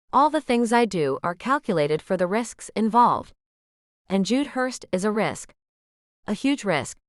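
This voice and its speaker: A woman narrating a romance audiobook in the first person, musing in an expressive, questioning way. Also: a little high, no room sound, studio quality.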